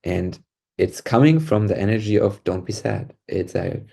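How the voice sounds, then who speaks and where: A man co-hosting a podcast who calmly guides an emotional release exercise with gentle, encouraging affirmations. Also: lowish voice, moderate pace, vocal fry, husky. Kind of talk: calm guided facilitation.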